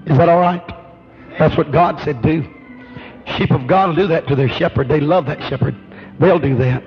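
A man's voice: on the high side, moderate pace, faint music behind. A man preaching a sermon with an emphatic, rhythmic preaching cadence. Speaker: pastor. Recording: dull lo-fi recording.

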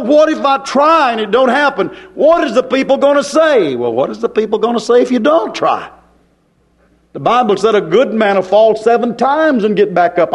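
A middle-aged man, preaching a folksy, emphatic sermon full of rhetorical questions. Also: high voice.

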